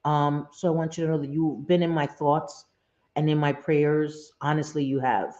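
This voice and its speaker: A woman's voice: low-pitched, flat delivery, moderate pace, mellow, highs cut off. A woman hosting a casual livestream, talking straight to her viewers, often repeating herself and saying "um". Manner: repeats phrases, many "um" fillers, speaks straight to viewers. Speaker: livestream host.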